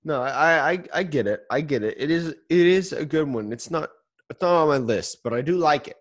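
A man's voice: a little high, lively intonation, fairly quick. A man co-hosting a casual podcast chat from home, rambling and giggly, often breaking off mid-sentence. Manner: rambling, self-interrupting, giggly. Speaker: podcast co-host. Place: home, with his cat on his lap.

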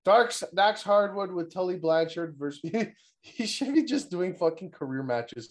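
A man's voice: sits high, expressive, moderate pace. A young man co-hosting a casual wrestling recap chat, rambling and swearing, laughing often and mimicking wrestlers. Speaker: podcast co-host.

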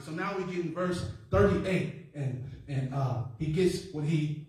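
A man's voice: a little high, normal speed, a little mellow. A man preaching a sermon in a church, in a conversational style with call-and-response and rising emphasis. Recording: echoey room, mic far off.

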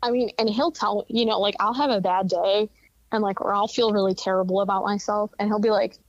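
A woman's voice: medium pitch, fairly even intonation, fairly quick, no room sound, muffled recording. A woman as a podcast guest, talking frankly and openly with many fillers. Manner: frank and chatty, many "like" and "you know" fillers. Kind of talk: candid podcast interview.

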